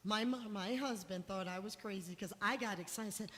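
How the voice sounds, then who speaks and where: A woman's voice: mid-range voice, moderate pace. Middle-aged woman telling an emotional testimony in a reverberant hall. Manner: emotional storytelling, voice rising when quoting herself. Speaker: guest speaker sharing testimony. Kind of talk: personal testimony talk. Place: church hall.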